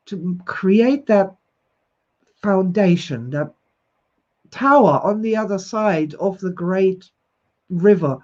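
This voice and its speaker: An enthusiastic, expressive woman in her sixties who laughs often as she hosts a livestream and greets her viewers. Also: medium pitch, slow pace, pauses often. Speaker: host. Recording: slightly dull lo-fi recording.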